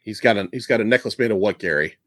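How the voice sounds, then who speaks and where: A man hosting a casual movie podcast, retelling scenes with a laugh and quick put-on voices. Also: fairly low pitch, fairly bright tone, no room sound, studio quality. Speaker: podcast host.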